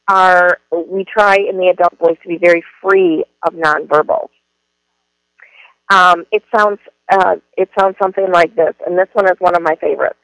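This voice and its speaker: High-voiced man explaining earnestly. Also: vocal fry, fairly bright tone, no room sound, low-quality recording. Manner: earnest and explanatory, with frequent ums and restarts. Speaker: education trainer. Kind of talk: spoken presentation.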